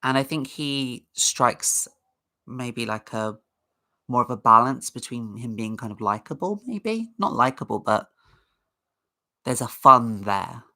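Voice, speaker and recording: Bright-voiced chatty woman streamer. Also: a bass voice, expressive, slow pace. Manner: chatty, rambling, greets chat viewers. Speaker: livestream host. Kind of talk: casual livestream chat.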